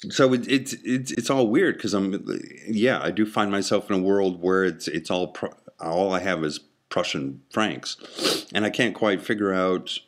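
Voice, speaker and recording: A man with a low, deep voice hosting a solo show. He rambles casually, stumbling on fillers and mocking himself. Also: measured pace. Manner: rambling, self-deprecating humor, many fillers and restarts. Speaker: podcast host.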